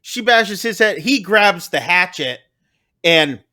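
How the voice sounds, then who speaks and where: Guy on a podcast going thru a movie plot, high bright voice, acts out the lines. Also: slow pace. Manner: animated, acts out character lines. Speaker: podcast host. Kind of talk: casual chat recapping a movie.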